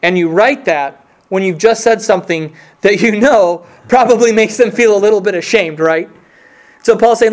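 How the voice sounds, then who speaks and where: Guy with a pretty high voice giving a sermon, earnest and chatty, leans hard into the scripture bits. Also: moderate pace. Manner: earnest, conversational, with restarts and emphatic scripture reading. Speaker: pastor.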